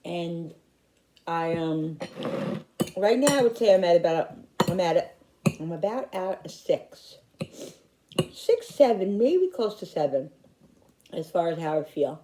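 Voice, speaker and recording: Low-voiced, heartfelt woman vlogger. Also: very animated, slow, pauses often, mellow. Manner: heartfelt, rambling with restarts. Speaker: YouTuber. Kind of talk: personal vlog talk. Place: home in upstate New York.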